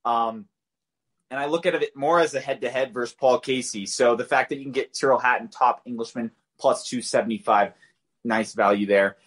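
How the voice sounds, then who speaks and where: This podcast co-host has a medium-pitched, fairly bright voice and speaks fairly quickly. His golf betting picks come out casually, with lots of filler words and restarts as he self-corrects.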